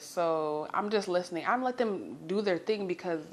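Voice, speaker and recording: A young woman telling a story in a chatty, animated way, swearing freely and talking to her listeners as girl. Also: mid-range voice, normal speed. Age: young adult. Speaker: storytime vlogger. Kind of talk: casual storytelling.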